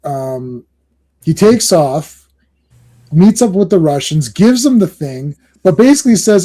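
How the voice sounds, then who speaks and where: Excitable, rambling podcast host. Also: male voice, on the high side, measured pace. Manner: excitable, laughs often, rambling restarts. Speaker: comic book podcast host. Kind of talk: casual chat.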